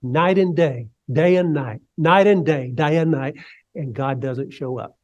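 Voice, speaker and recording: A man preaching a sermon, swinging from hushed, low lines up to ringing cries, and leading the congregation in repeating phrases. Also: measured pace, dull audio. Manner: leads the congregation in call and response. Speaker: pastor.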